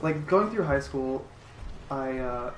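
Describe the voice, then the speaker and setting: A man's voice: mid-range voice, animated, faint music behind. A young man who is a guest on a casual gaming podcast, speaking hesitantly with many ums and restarts while he plays. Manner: hesitant, halting speech full of ums while playing a game. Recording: echoey room.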